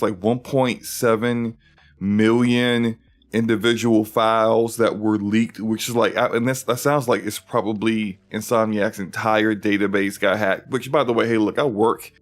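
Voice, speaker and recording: A man hosting a casual livestream podcast, chatty and upbeat, rambling with restarts. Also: lowish voice. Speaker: podcast host.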